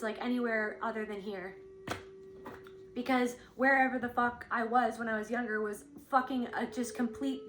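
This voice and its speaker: A woman's voice: on the high side, fairly bright tone, roomy sound, slight background noise. A woman giving a rambling, earnest spiritual reading, casually swearing and acting out inner thoughts in quoted voices. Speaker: intuitive spiritual reader.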